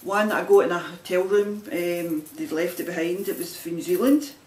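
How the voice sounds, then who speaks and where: With a Scottish accent and a darkish voice on the low side, a woman talks at normal speed to camera as a knitting vlogger, showing off items. She rambles casually and laughs a lot; the distant mic makes it sound roomy, with faint background noise.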